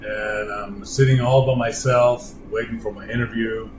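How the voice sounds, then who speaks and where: A man sharing workplace stories in a plainspoken, halting way, recorded in an echoey room with an air-conditioning hum. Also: on the low side, fairly even intonation, over music. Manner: plainspoken, halting with frequent pauses. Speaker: longtime company employee sharing stories. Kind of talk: casual storytelling.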